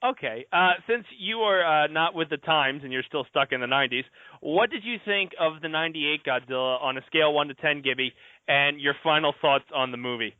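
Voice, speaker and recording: A man's voice: on the high side, fairly quick, clear, resonant tone, dry recording. A man hosting a casual podcast chat, often laughing as he asks the others for their ratings. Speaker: podcast host. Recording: tinny phone-like audio, dry.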